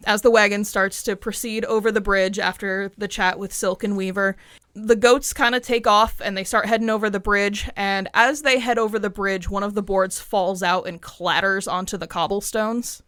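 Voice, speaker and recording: A woman narrating a tabletop game as game master, relaxed and conversational. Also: mid-range voice, normal speed, dry recording, clean studio sound. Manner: relaxed, conversational, with frequent "like" fillers.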